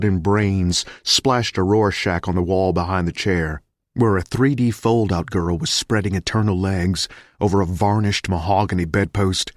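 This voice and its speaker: This is scripted audiobook narration of a dark thriller, read by a man with a deep voice. The studio recording sounds clean and has no reverb.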